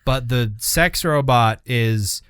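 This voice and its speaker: A man's voice: mid-range voice, slow pace, fairly bright tone, clean tone, dry recording, studio quality. A young man co-hosting a podcast, rambling casually with lots of swearing and laughter. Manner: rambling, profane, laughs at his own stories. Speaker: podcast co-host. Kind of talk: casual chat.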